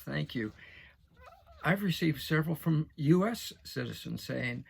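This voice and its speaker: A man's voice: a little high, animated, measured pace, vocal fry, breathy edge. A man in his sixties from the United States hosting his own show, talking folksily with frequent restarts and repetitions. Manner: folksy, repeats himself, frequent restarts and fillers. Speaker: show host. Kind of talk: casual direct-to-camera talk.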